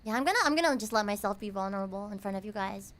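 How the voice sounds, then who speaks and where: A young American woman streaming a cozy late-night chat, reading comments aloud, playful and squealing at times, then soft and reflective. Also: medium pitch, animated, racing, slight background noise. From United States.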